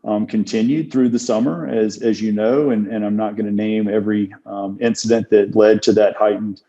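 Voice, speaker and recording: A man with a low, mellow voice talks through an interview as a criminal defense attorney. He is measured and thoughtful and fills his pauses with ums and uhs. The sound is dull and lo-fi. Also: fairly even intonation. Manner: measured, thoughtful, with many fillers. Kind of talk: casual interview talk.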